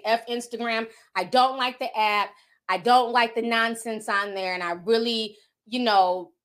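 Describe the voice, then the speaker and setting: A woman's voice: a little high, fairly bright tone. A woman livestreamer reading out viewer donations in a casual, candid and outspoken way.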